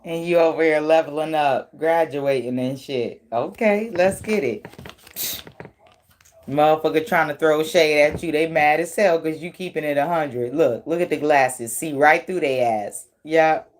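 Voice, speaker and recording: A woman's voice: low voice, a little slow, a little hiss or hum. A woman doing a tarot reading in casual, blunt, profane talk, teasing and laughing often. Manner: slangy, teasing. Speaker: tarot reader.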